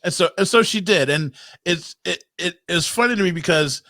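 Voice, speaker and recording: A male host with a bright, forceful voice that sits on the higher side. He talks over a video call in an animated, storytelling way. The sound is close and dry. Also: normal speed, no room sound. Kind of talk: casual conversation.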